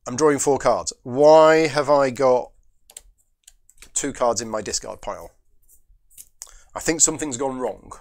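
The host of a board game channel, whose voice is mid-range and darkish in tone, plays a solo game a little slowly with long pauses. He reasons through his moves aloud, poses and answers his own questions, and chats with viewers between turns.

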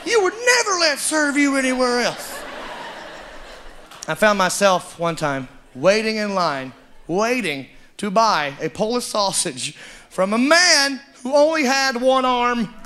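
A man doing a stand-up comedy set, drawling and animated. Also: very high voice, a little slow. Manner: drawling storyteller, animated and loud, mimics characters. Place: comedy club stage with live audience. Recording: live club recording, audience noise.

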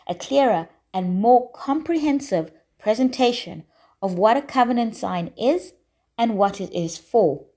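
Female preacher, mid-range voice, measured emphatic sermon delivery in a church. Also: medium pitch, dark tone. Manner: deliberate, emphatic preaching with repeated phrases.

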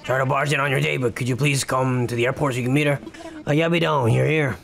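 A man's voice: mid-range voice, fairly even intonation, fast, gravelly, faint music behind, pitched below the performer's own voice. A man voicing a courteous, fatherly raccoon businessman while reading game dialogue aloud. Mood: polite. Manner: courteous, formal and gentle. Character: polite raccoon businessman, older male, fatherly.

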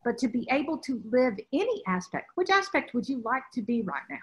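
A woman's voice: sits high, very animated, brisk, highs cut off. Emphatic woman rambling on spirituality. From Southern US. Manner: rambling, emphatic, with repeated restarts. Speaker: spiritual teacher. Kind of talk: spiritual talk in conversation.

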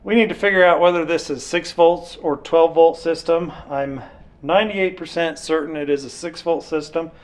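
A man's voice: on the high side, steady tone, moderate pace. Easygoing man in a garage. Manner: easygoing, practical, dry humor. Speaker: mechanic vlogger. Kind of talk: casual shop talk to camera. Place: garage and outdoor yard.

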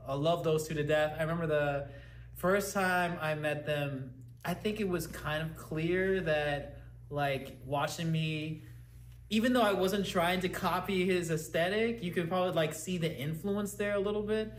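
A man co-hosts a casual chat and tells stories with eager, gushing admiration. His voice sits a little high. The room adds a noticeable echo, with a faint hum underneath. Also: normal speed. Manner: eager storyteller, gushing about people he admires. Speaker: podcast co-host.

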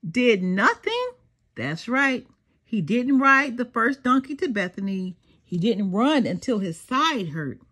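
An older woman reading a children's storybook aloud, slow and sing-song with dramatic pauses and a softly breathy voice. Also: on the high side, lively intonation. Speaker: storybook reader. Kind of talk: expressive children's read-aloud.

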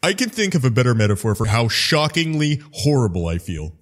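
A man's voice: medium pitch, big pitch swings, a little fast. A man voicing a crude, wisecracking skeleton guy in a fan dub, rambling and sarcastic. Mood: exasperated. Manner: rambling, foul-mouthed, sarcastic.

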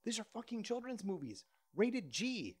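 Podcast host, man in his thirties; animated, profane storyteller. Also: high voice, moderate pace. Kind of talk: casual podcast banter.

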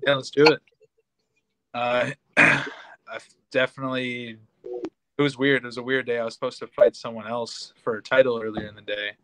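A man's voice: medium pitch, little pitch movement, moderate pace, bright, forceful tone, slight background noise, low-quality recording. A man who is a guest fighter, speaking in a laid-back, modest way in an interview. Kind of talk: casual interview.

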